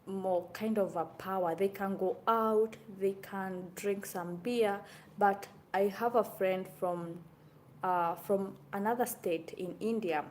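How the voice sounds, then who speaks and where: A young woman from Kenya talks straight to her viewers in a casual vlog, lively and full of exclamations. Her voice sits in a mid range, and a faint hum runs behind her. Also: mid-range voice. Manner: chatty and animated, with exclamations. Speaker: vlogger. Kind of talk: casual talking-to-camera vlog.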